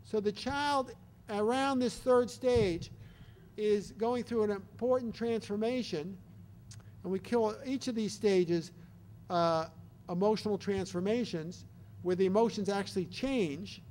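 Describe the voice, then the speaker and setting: An older man giving an explanatory talk on child development, animated and acting out baby and parent voices as examples. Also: high voice, unhurried, a little hiss or hum.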